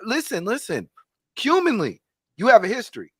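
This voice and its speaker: A man's voice: high-pitched, huge pitch swings, normal speed, husky. A man on a panel discussion who argues his point earnestly and in philosophical terms. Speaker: panel guest.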